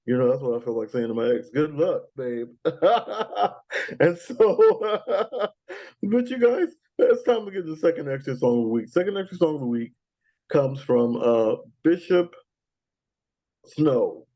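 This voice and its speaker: Chatty host with a dull lo-fi sound. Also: male voice, fairly high pitch, very animated, a little slow, mellow. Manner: chatty, with frequent fillers and laughs. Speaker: podcast host. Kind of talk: casual countdown show chat.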